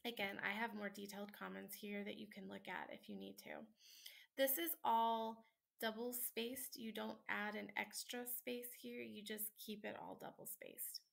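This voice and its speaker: Tired woman teacher, gravelly voice. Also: medium pitch, flat delivery, moderate pace, few pauses, a bit bright. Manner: casual, chatty, many ums and likes. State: tired and yawning late at night. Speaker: college instructor. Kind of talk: screen-recorded lesson walkthrough.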